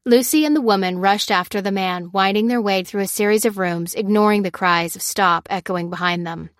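A woman narrating a story in a steady, even storytelling manner. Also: medium pitch, a little fast, no echo, clean studio sound. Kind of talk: scripted narration.

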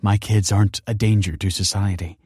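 A man's voice: lowish voice, fairly even intonation, fairly quick, a little mellow, husky, no room sound, studio quality. A man playing a prim, stern headmistress. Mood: stern, formal. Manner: formal, officious. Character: stern, prim woman school principal.

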